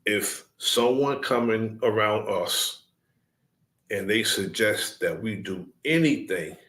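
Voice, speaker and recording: A man addressing his followers in a deliberate, preaching cadence, repeating his key points. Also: fairly low pitch, fairly bright tone.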